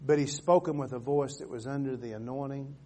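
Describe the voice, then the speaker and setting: A male pastor preaching a sermon, calling for amens and drawing scripture out slowly, swinging from loud exhortation to hushed storytelling. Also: mid-range voice. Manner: emphatic, calls for amens, stretches scripture slowly.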